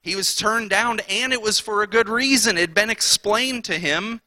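Male pastor, slightly high and very bright voice, conversational sermon with quick character voices. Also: dry recording.

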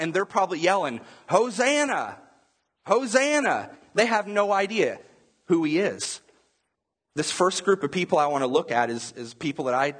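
A man's voice: mid-range voice, fairly bright tone, husky. A man preaching a sermon as a pastor, talking to the congregation in a loose, conversational way. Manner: conversational preaching with acted-out crowd voices.

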